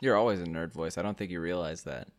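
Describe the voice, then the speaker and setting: A man's voice: sits low, fast talker. Man, podcast co-host, casual banter, joking, laughs a lot, remote call.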